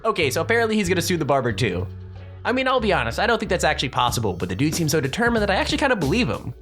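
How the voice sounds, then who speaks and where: A man's voice: fairly high pitch, wildly swooping pitch, a bit bright, soft background music. A man narrating a countdown video in a chatty, wry scripted voice-over. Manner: chatty, wry, fast-paced.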